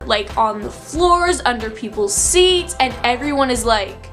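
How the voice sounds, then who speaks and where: A woman's voice: fairly high pitch, animated, a little slow, a bit bright, soft background music. A young woman in her late teens telling a storytime vlog in a chatty, filler-heavy, breathless way. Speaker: vlogger.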